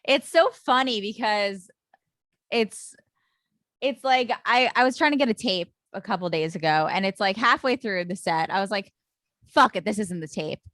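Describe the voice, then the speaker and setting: Woman podcast host, mid-pitched, hesitant and reflective, dry close sound. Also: normal speed, a bit bright, dry recording. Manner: thinks aloud, hesitant, many restarts. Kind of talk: casual chat.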